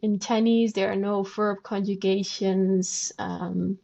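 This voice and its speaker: A woman's voice: medium pitch, little pitch movement, takes it slowly, creaky, warm tone, dull audio. A woman guest on a podcast, patiently explaining language and demonstrating sounds aloud. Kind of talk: conversational explanation.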